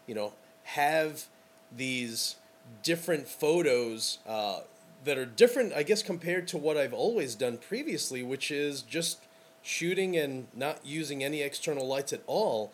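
A man's voice: on the high side, animated, a little slow, a little hiss or hum. Rambling enthusiastic man hosting podcast. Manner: rambling and enthusiastic, many fillers. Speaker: podcast host and wedding photographer. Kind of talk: casual podcast monologue.

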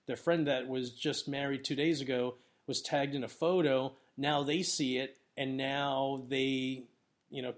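A man talks to his listeners in a relaxed, unscripted solo podcast. He rambles in a loose, upbeat way, leaning on "you know" and "um", at an ordinary middle pitch for a man. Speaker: wedding photographer giving business advice. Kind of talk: casual solo podcast talk.

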